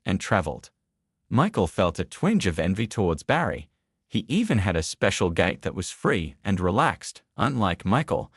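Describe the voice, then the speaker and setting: Low husky male storyteller. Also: no echo, clean studio sound. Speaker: narrator. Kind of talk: scripted story narration.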